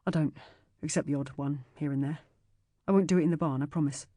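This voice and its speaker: A woman's voice: low voice, steady tone, fast talker, warm tone, dry recording. A woman reading the lines of a nervous, polite young handyman who keeps apologizing. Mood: sheepish.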